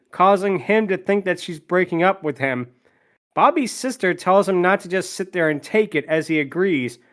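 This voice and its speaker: A man with a high, light voice hosts a podcast, walking through a film's plot beat by beat. He tosses in dry jokes between the scenes. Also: fairly bright tone. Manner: quick plot recap, dry asides, voices quotes. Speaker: podcast host recapping a film. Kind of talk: recap narration with jokes.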